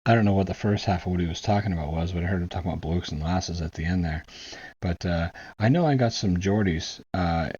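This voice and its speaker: A very low, husky American man talks casually to his viewers, thinking out loud and groping for words. The sound is a bit dull and muffled. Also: fast talker. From United States. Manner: musing, searching for words. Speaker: reaction video host. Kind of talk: casual commentary.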